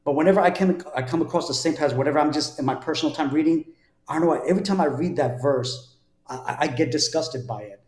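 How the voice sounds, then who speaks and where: Speaking quickly in a slightly high, darkish voice, a guest from New Jersey relates his conversion in a conversational, earnest style. He tends to repeat words as he restarts, and a roomy echo is audible.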